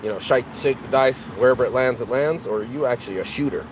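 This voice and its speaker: A man's voice: medium pitch, fast. Preachy man musing outdoors by traffic. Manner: preachy, rhetorical questions, repeats and restarts words. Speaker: motivational vlogger. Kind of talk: unscripted motivational monologue.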